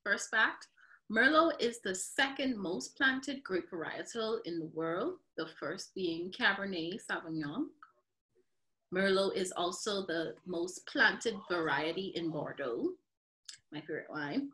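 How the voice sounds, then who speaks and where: A woman co-hosting a wine podcast, reading out fun facts and chatting in an animated way that breaks into exclamations. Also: mid-range voice, unhurried, low-quality recording. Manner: animated, exclaims and laughs easily. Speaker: podcast co-host.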